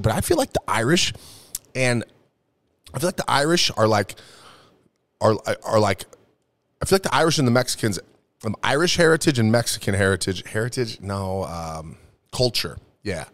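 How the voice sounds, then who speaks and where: Tipsy young male host, lowish voice with a lot of swing, profane and rambling. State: tipsy from drinking. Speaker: podcast host. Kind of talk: casual comedic monologue.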